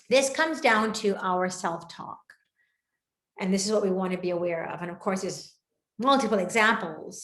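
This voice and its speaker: A woman's voice: medium pitch, echoey room. A woman leading a mental health training session, explaining patiently and earnestly, often restarting and rephrasing her sentences as she teaches. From Caribbean. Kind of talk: online training lecture.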